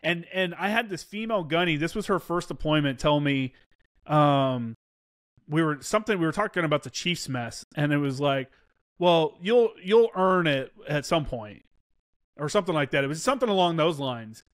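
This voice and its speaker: A man's voice: on the high side, lively intonation, fairly quick, dry recording, clean studio sound. A man in his thirties, a former Marine, telling war stories casually in an interview, swearing freely and acting out quoted dialogue. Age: 30s.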